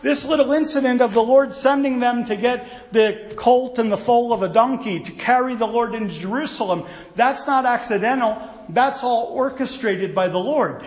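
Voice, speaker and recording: High-voiced preacher in an echoey hall. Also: male voice. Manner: folksy, animated storytelling with asides. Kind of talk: sermon.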